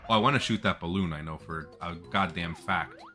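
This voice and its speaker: A man's voice: low-pitched, brisk, sharp tone, faint music behind. A man giving chatty, jokey, casual commentary while playing a video game. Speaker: gameplay streamer.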